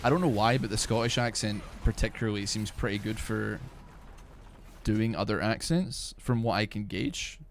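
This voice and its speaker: A man's voice: fairly low pitch, normal speed, creaky, a little hiss or hum. A young man streaming a video game, chatting casually in a rambling, profane way with many filler words. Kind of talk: casual chat while playing a video game.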